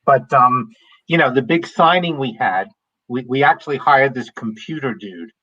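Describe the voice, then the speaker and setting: A man's voice: mid-range voice, moderate pace, sharp tone, muffled recording. A middle-aged man, a guest in an interview, telling music business stories in a candid, blunt way. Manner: candid, blunt, swears casually. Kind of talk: casual interview storytelling.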